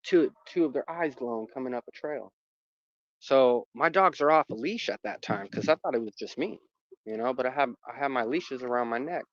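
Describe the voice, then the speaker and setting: A man's voice: medium pitch, moderate pace, no echo. Man, casual rambling storyteller, dry, lo-fi sound. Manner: rambling, lots of fillers and restarts. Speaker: dog owner telling a personal story. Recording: muffled dry recording.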